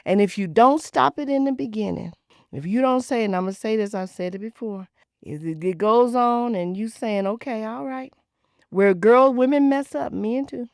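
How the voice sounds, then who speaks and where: A woman in her sixties hosting a talk show, telling stories in an animated, preachy way with lively vernacular asides. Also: a little high, moderate pace, no echo, clean studio sound. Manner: animated, preachy storytelling with Southern Black vernacular. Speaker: podcast host. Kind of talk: casual talk show chat.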